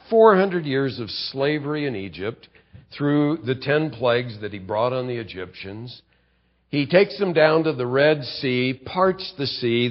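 A man preaching a sermon with lively, animated storytelling, reading passages aloud. His voice sits in a middle register. The recording sounds slightly dull and muffled. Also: medium pitch.

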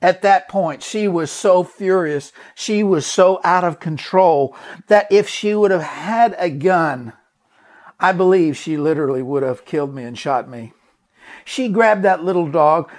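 A high-pitched man preaches a sermon, recounting a personal story with earnest emphasis. He repeats words often and addresses his listeners with direct questions.

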